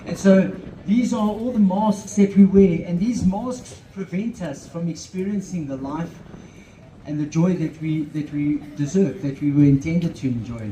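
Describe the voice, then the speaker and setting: A man's voice: fairly high pitch, moderate pace, warm tone, roomy sound, a little hiss or hum, low-quality recording. A man with a South African accent giving an earnest motivational talk through a handheld microphone, slipping in Afrikaans phrases. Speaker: motivational speaker. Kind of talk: motivational talk at an outdoor event.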